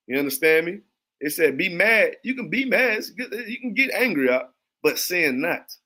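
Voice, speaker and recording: A man's voice: a little high, fairly bright tone. Blunt cursing preacher man. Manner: blunt, repetitive, keeps asking "you understand me". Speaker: religious class teacher. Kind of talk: profane preaching lecture.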